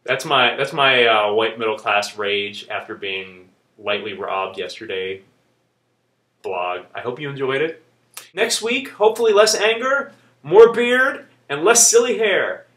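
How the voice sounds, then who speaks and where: Animated man ranting in a roomy echo. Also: medium pitch, unhurried. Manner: heated, animated ranting with casual swearing. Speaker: vlogger. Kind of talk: ranting video blog.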